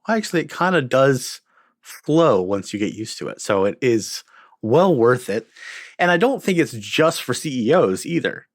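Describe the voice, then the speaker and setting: A man's voice: lowish voice, no echo, clean studio sound. A man hosting a podcast, speaking in an easygoing, casual way as he wraps up the show. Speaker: podcast host. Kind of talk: casual conversation.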